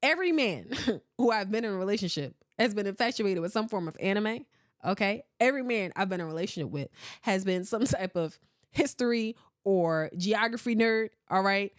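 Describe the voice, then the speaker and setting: A woman, hosting a podcast and chatting casually, animated and often laughing as she rambles through stories. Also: mid-range voice, a little fast, dry recording, studio quality. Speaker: podcast host. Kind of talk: casual chat reading listener comments.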